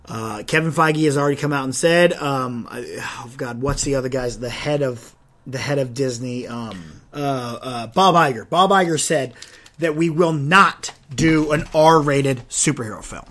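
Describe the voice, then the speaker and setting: A young man hosting a solo podcast, talking in an animated, rambling way with frequent restarts and stumbles. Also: medium pitch, unhurried. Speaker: podcast host.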